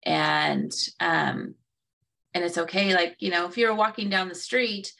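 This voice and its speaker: A woman's voice: lowish voice, a little slow, vocal fry, bright, forceful tone, distant mic. A woman co-hosting a casual conversation, who acts out quoted reactions and laughs at herself. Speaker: co-host.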